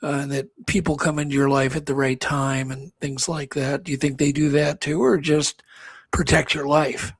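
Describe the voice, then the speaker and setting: Husky, gravelly radio host. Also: male voice, fairly high pitch, flat delivery, moderate pace, no room sound. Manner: asks thoughtful, open questions. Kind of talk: interview questions.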